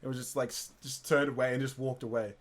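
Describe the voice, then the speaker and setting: A man's voice: mid-range voice, fairly even intonation, quick pace. A young man co-hosting a podcast, telling rambling stories in casual chat and laughing often. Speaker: podcast co-host.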